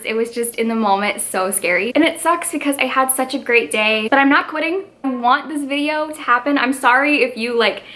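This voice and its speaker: A woman's voice: on the high side, bright, forceful tone. A woman in her twenties chatting casually to camera as a book vlogger, rambling and peppering her talk with fillers. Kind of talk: casual vlog.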